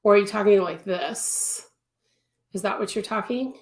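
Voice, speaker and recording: A woman's voice: medium pitch, normal speed. Woman, crochet teacher, live-stream tutorial, chatty, repeats words for emphasis, echoey room. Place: home craft studio.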